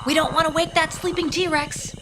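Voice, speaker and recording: A woman hosting a children's storytelling show who speaks gently and coaxingly to the child watching. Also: high-pitched, level tone, moderate pace, background noise.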